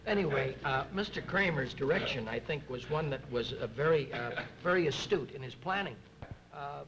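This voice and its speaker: A man who is a film actor telling rambling anecdotes at a press interview, halting with many fillers and acting out other people's lines. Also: medium pitch, lively intonation, highs cut off. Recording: noisy 1960s archive recording.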